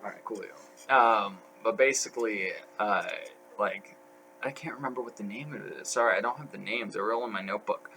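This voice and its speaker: A man's voice: fairly low pitch, a little fast, bright, forceful tone, soft background music, poor audio. A young man talking as a podcast guest, telling stories in a rambling way full of fillers. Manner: rambling, filler-heavy storytelling. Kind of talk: casual podcast chat.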